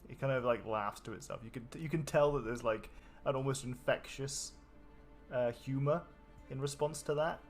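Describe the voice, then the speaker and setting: A man running a tabletop game as game master, talking casually with quick explanations and lots of fillers. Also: medium pitch, soft background music. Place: home, streamed live.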